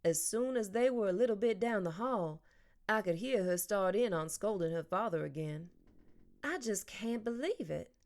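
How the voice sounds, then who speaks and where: A woman narrating a children's novel aloud in a plain, even storytelling way. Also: lowish voice. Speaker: audiobook narrator.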